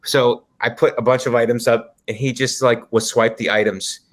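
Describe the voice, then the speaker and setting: A man's voice: mid-range voice, flat delivery, normal speed. A man co-hosting a comedy podcast, telling stories and acting out the people in them in casual chat. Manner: storytelling, acts out quoted people. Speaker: podcast co-host.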